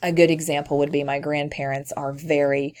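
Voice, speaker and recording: Woman, low voice, light Tennessee accent, teacher, casual screencast lecture, frequent ums. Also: little pitch movement, fairly quick, a little mellow. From southern United States.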